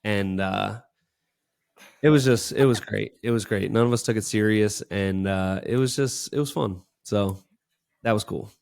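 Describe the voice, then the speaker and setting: A man's voice: fairly low pitch, unhurried, gravelly, a little mellow. A young man co-hosting a podcast, telling a story in casual chat, rambling with lots of fillers. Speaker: podcast co-host.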